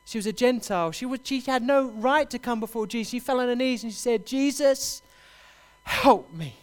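Impassioned high-voiced preacher. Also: male voice, fast. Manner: impassioned, swells loud on repeated cries for help. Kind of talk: sermon.

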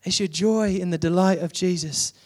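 Guy preaching, high voice, keeps firing questions at the crowd. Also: normal speed, a little mellow. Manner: rising to emphatic repeated questions. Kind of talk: sermon.

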